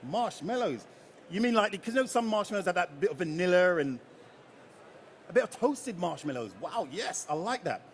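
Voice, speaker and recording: A man with a high, bright-sitting voice runs a live tasting session on stage, quizzing the crowd and cracking jokes. He talks in a loose, chatty way and keeps the audience involved. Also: animated, a little fast, slight background noise. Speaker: rum ambassador leading a tasting.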